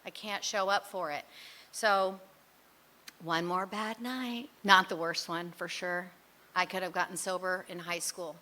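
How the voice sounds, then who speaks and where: A woman with a bright, forward voice tells her own story to a recovery group. She talks candidly and in a rambling way, pokes fun at her old self, and fills her talk with "you know" and "like". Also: on the low side, steady tone, a little slow. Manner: frequent fillers like "you know" and "like". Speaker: speaker sharing at a recovery meeting.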